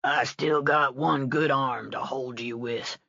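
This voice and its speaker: A woman reading a quiet, laconic man who drawls and mimics gravelly movie voices. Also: fairly even intonation, takes it slowly, dry recording, muffled recording, heavily acted. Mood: drawling. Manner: terse, drawling, low.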